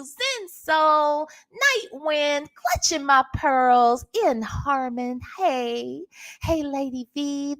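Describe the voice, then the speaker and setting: A woman's voice: sits high, fairly bright tone. A woman hosting a live stream in casual chat. She greets viewers one by one and adds emphatic asides. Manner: chatty, drawn-out, emphatic asides. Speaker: livestream host.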